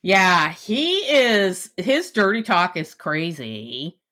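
A woman co-hosting a casual podcast, chiming in with quick reactions and laughter. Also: fairly low pitch, very animated, bright, forceful tone. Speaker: podcast co-host. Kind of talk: casual book-recap chat.

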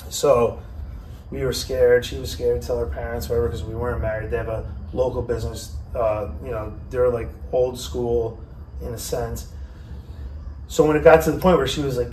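A man spins a crude, lively story on a podcast and slips into voices for the people in it. He sits back from the mic in a roomy space. A faint hiss runs under his voice. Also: medium pitch, recorded from a distance. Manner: profane, animated storyteller who acts out quotes. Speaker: podcast host. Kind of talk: casual storytelling.

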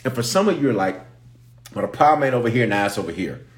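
A man's voice: medium pitch, very animated, quick pace. A man, a bishop, teaching from the Bible in an impromptu live stream, emphatic and repetitive, pleading with listeners to pay attention as he builds in intensity.

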